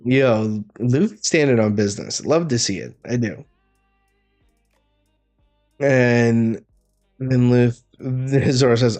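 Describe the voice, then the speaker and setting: A man's voice: medium pitch, takes it slowly, long pauses, darkish tone, soft background music. A man hosting a live comic reaction, reading dialogue aloud and cursing casually. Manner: casual, swears freely. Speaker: manga reaction host.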